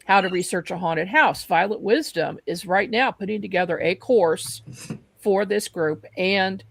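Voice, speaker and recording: A woman's voice: mid-range voice, unhurried, gravelly, no echo, low-quality recording. A woman hosting a panel discussion, talking loosely with many fillers. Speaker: host.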